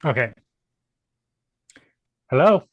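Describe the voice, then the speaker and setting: Slow-talking questioning player man. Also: mid-range voice, very animated, dry recording, muffled recording. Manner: deliberate, questioning. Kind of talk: casual tabletop game chat.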